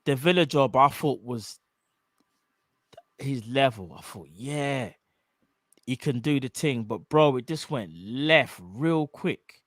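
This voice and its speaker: A man co-hosting a live fan show, talking in a joking, emphatic, animated way. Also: medium pitch, slow, long pauses, no echo, clean studio sound. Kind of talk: casual live-stream chat. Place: home studio.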